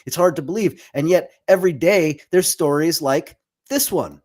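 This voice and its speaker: A man hosting a political commentary livestream, talking in a conversational way with quick asides and the odd stammered restart. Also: fairly high pitch, a little mellow. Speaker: livestream host.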